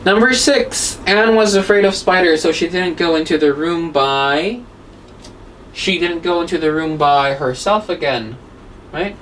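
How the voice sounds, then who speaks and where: A woman's voice: fairly low pitch, measured pace. A woman teaching an English grammar lesson, explaining step by step and asking rhetorical questions. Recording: distant mic with faint background noise.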